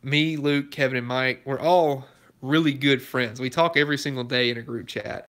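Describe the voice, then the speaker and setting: A man's voice: medium pitch, fairly even intonation, moderate pace, fairly bright tone. A young man hosting his own car channel, chatting casually with viewers, easygoing and laughing often. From Alabama, US. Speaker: YouTube car channel host. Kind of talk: casual chat answering live viewer comments.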